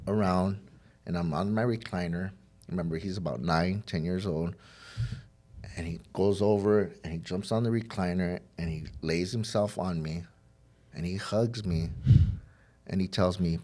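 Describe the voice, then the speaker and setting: Low-pitched and a little mellow, this man's voice carries a heartfelt account of his recovery on a podcast where he's a guest. His telling is candid and loose, with plenty of fillers and restarts, and he performs the dialogue as he recounts it.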